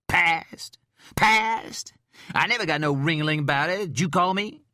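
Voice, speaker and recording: A man's voice: medium pitch, sing-song, moderate pace, sharp tone, dry recording, clean studio sound, pitched above the performer's own voice. A man voicing a sarcastic, swaggering male FBI agent in an audiobook who talks in a mocking, streetwise way.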